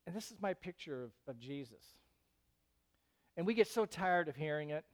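A male pastor preaching a sermon in an animated way, rising into loud, emphatic bursts. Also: on the high side, normal speed.

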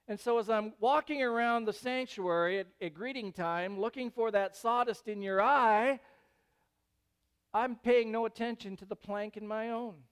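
A male pastor delivers a sermon in a high, smooth, resonant voice. He preaches in an animated way and rises into loud, emphatic bursts. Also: moderate pace.

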